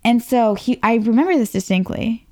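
A woman's voice: on the high side, normal speed, a little mellow. Chatty young woman telling a story. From Northern Virginia, USA. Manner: chatty, self-mocking, fills speech with "like". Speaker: interview guest. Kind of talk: casual personal storytelling.

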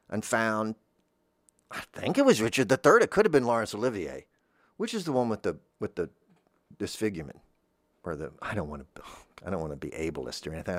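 A podcast host with a fairly low-pitched voice wanders through a rambling comic monologue, often trailing off and restarting, with self-deprecating asides. The recording is dry, with clean studio sound.

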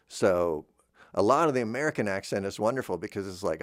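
Low-voiced man musing in a rambling way. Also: expressive, a little fast, no echo, clean studio sound. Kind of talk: casual monologue.

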